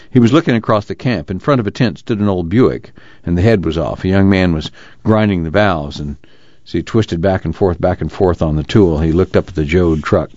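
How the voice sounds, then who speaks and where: A man narrates an audiobook in a steady, measured way. His voice is very deep. The recording is dry and a little dull. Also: dry recording. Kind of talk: scripted narration.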